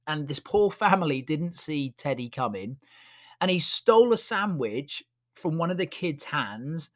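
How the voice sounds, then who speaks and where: A man's voice: a little high, a bit bright. A man, a podcast host and dog walker, telling funny stories in a chatty, amused way with many fillers. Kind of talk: casual storytelling.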